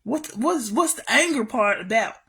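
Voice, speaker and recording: High husky woman ranting angrily. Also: lively intonation, moderate pace, pushed and bright. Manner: profane, ranting, repeats herself, addresses viewers as y'all. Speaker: vlogger telling a family story. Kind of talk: angry storytime rant.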